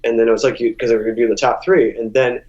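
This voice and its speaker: A man's voice: very fast, lo-fi sound. Chatty male singer telling stories. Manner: animated, acts out quotes in a high voice, many restarts. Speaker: musician guest. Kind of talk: casual interview storytelling.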